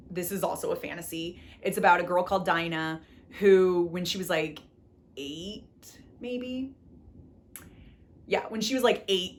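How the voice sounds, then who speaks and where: A woman's voice: lowish voice, a little hiss or hum. Gushing young woman reviewing books. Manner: gushing and exasperated, repeats herself, lots of "like". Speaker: book vlogger. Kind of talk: casual book review chat.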